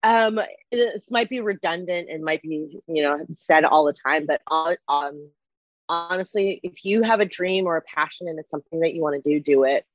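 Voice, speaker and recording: An animated young woman, telling stories from film sets in a casual interview. She laughs often and swears freely. Her voice sounds dry and a little dull, as if recorded close on a modest mic. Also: sits low, moderate pace, no echo. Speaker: guest, film crew and actress.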